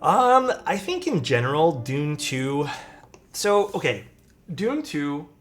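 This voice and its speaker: A man chatting casually on a live stream, laid-back and low-energy, thinking aloud with fillers and restarts. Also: very animated, slow, soft background music.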